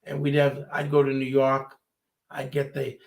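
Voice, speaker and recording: A man's voice: mid-range voice, moderate pace. A man, telling stories in a casual chat and acting out the voices of the people in them. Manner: animated, acts out quoted voices. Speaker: storyteller.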